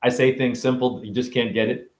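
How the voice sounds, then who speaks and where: A man's voice: mid-range voice, steady tone, fast talker, background noise. A middle-aged man, a self-styled spiritual teacher, giving a profane, confrontational freestyle lecture. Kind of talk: freestyle preachy rant. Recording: echoey room.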